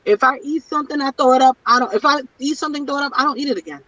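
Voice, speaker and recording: A woman's voice: high-pitched, very fast, heavy background noise. Blunt, emphatic woman on a distant, muffled mic. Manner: blunt and emphatic, repeats her points. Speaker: panelist in a women's chat. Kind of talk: candid casual chat. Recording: distant, dull lo-fi audio.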